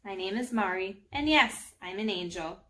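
A woman's voice: medium pitch, lively intonation, normal speed, pushed and bright, a little hiss or hum. A woman voicing a tiny, playful female angel in a storybook read-aloud, breezy and chatty.

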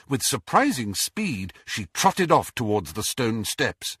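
Male audiobook narrator, lively and expressive, bright tone with a husky edge. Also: medium pitch, slow, few pauses, no room sound, clean studio sound. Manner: expressive storytelling. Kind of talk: scripted narration.

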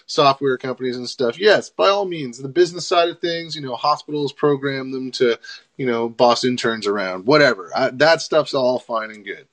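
A man hosts a relaxed livestream chat, talking fast and animated and laughing readily. His voice sits at an ordinary middle pitch. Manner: animated, quick, laughs often. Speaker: host.

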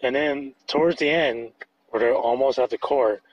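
A man's voice: medium pitch, moderate pace. A man co-hosting a podcast in casual chat, rambling with lots of filler words. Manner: rambling, laughs often, many likes. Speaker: podcast co-host. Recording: dull lo-fi sound.

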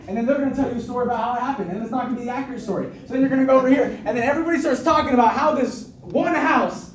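A high-pitched man pumps up his team with a hyped, repetitive motivational talk and laughs often. He stands a little way from the mic, and his voice echoes around the room. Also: racing, hardly any pauses, far from the mic. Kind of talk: motivational speech to a group.

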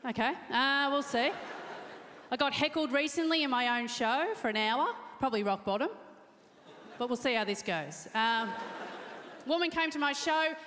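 A woman's voice: high voice, normal speed, pauses often, a bit bright, slight background noise. A woman doing a self-deprecating stand-up comedy set on a theatre stage, often acting out the voices of other people. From Australia. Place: large theatre stage before a live audience. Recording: echoey theatre with long reverb and crowd.

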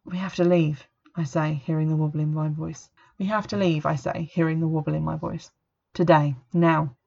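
A woman's voice: sits low, flat delivery, moderate pace, vocal fry, dark tone. A woman voicing a frightened teenage girl with dangerous magic, her lines raised and strained, recorded on a dull lo-fi setup. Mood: shaken.

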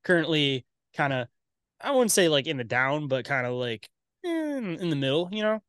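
A man's voice: a little high, sing-song, moderate pace, fairly bright tone, smooth, no echo. Guy rambling on a podcast, swears a ton, says dude a lot, dry close sound. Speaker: podcast guest, host of his own show. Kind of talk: casual podcast chat.

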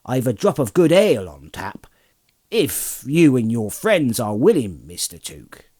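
A man voicing a gruff, hearty middle-aged hobbit farmer with a loud, folksy, blustery way of talking. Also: medium pitch, very animated, a little slow.

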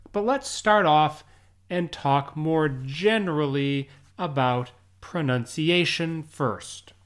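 An English teacher with an American accent hosting a podcast lesson for learners, explaining slowly and deliberately and often checking in with the listener. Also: medium pitch.

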